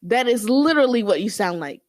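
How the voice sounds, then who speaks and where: A woman's voice: on the high side, expressive, brisk, no echo, clean studio sound. A woman guest on a faith-based podcast, talking earnestly and persuasively.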